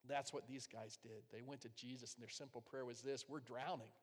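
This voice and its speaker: A man preaching a sermon, emphatic, swinging from loud, driving swells to hushed, quiet asides. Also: medium pitch, fairly even intonation, a little fast, husky, in a large hall. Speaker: pastor.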